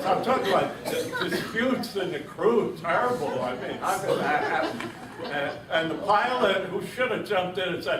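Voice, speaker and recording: Old guy in his 80s telling war stories, kinda high voice, wry chuckly delivery, echoey room, mic far off. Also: lively intonation, moderate pace, crowd noise. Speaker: veteran speaker. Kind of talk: telling a war story to an audience. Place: reunion event room. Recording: roomy echo, distant mic, faint noise.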